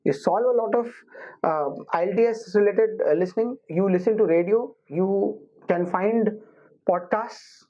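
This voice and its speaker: A woman teaching IELTS listening, explaining slowly and restating her points. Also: mid-range voice, mellow. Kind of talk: recorded classroom lesson. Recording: muffled lo-fi recording.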